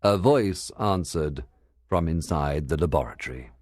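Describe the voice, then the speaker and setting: Deep-voiced man reading a story. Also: lively intonation, measured pace, a little mellow, dry recording, studio quality. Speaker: storyteller for English learners. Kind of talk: scripted story narration.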